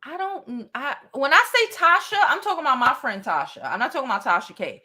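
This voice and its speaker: A direct woman hosts a beauty livestream and answers comments without softening anything. Her voice sits high and bright, and her pitch swings widely. She swears casually. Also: very animated, brisk. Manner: blunt, direct, swears freely. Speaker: beauty channel host.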